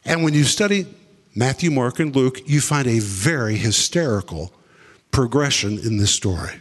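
A man's voice: lively intonation, normal speed, long reverb tail. A man preaching a sermon, telling the story dramatically and acting out what people said. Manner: dramatic storytelling, acting out quotes with big swings in pitch and pace.

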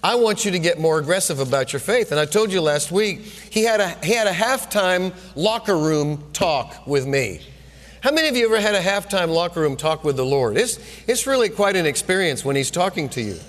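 A man's voice: sits high, expressive, moderate pace, fairly bright tone. A male pastor preaching a sermon, telling a personal story with frequent restarts, in a church sanctuary. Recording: long hall reverb.

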